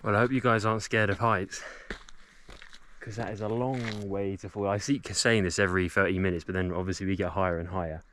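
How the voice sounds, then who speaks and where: A man's voice: sits low, fairly even intonation, fairly quick, a bit bright, slight background noise. A man vlogging casually to camera as he hikes up a mountain outdoors, out of breath and chatting to his viewers. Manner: chatty, addresses viewers as guys. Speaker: travel vlogger. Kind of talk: casual vlog to camera while hiking.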